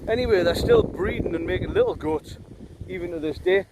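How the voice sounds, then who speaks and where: A man's voice: high voice, brisk. A middle-aged man talks casually to camera on a hike, rambling with lots of ums and uhs and some wry teasing of his companion. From Northumberland, England. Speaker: hiking vlogger. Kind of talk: casual walking commentary. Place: windy open hillside outdoors. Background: wind and background music.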